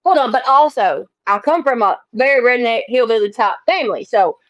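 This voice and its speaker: A woman's voice: fairly high pitch, lively intonation, brisk, fairly bright tone, no room sound, highs cut off. A young woman with a Southern Alabama mountain accent, chatting casually as podcast co-host and laughing often. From Alabama, USA. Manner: giggly, laughs often, playful. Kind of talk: casual chat.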